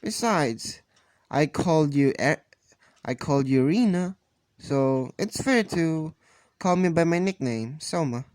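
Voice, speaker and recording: A man's voice: fairly high pitch, animated, unhurried, a little mellow, no echo. Man voicing a young male cook, cocky, friendly, teasing, dry sound.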